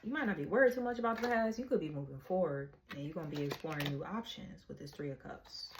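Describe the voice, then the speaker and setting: A woman's voice: deep voice, quick pace, a little hiss or hum. A woman giving a casual tarot reading in a frank, slangy way, laughing often. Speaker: tarot reader.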